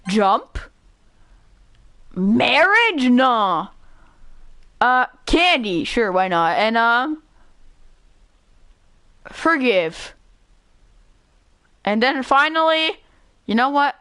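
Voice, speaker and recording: An excitable woman streamer talks through a game in casual, loose commentary, with a voice pitched a little high. She swears freely and laughs often, and the sound is dry and close to the mic. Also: extremely slow, pauses often, dry recording.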